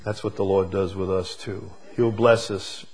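A man preaching a sermon, moving from quiet, slow reflection to loud, emphatic declarations. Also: deep voice, fairly even intonation, husky. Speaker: pastor.

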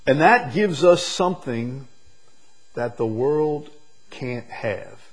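A man preaching a sermon, drawing words out slowly and swinging from loud emphasis to hushed, quiet lines. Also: mid-range voice, animated, slightly rough, poor audio. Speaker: pastor.

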